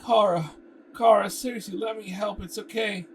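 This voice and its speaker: A man's voice: sits high, expressive, moderate pace, voice pushed up. A man doing an eager young store worker. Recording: distant mic with background noise.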